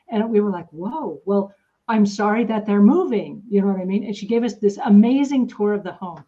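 A woman hosts a podcast in a mid-range, warm voice, talking fairly quickly. She chats casually and tells stories full of fillers, acting out what people said. The recording has a dull, lo-fi sound.

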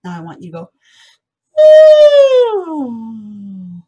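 A young adult woman teaching a remote music lesson to first graders in a bright, sing-song, encouraging voice that is slightly husky, recorded at home. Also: mid-range voice, sing-song, normal speed, muffled recording.

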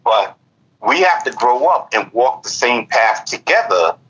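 A man's voice: medium pitch, sing-song, a little slow, a bit bright. An American man in his fifties, a guest in a casual conversation, reflective and often agreeing. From United States. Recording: muffled lo-fi audio.

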